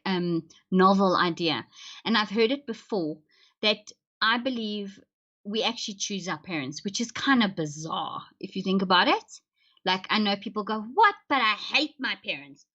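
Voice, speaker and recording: A woman's voice: medium pitch, lively intonation, moderate pace, fairly bright tone. A woman chatting casually with viewers on her livestream, joking and laughing often. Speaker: livestream host. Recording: dull lo-fi stream audio.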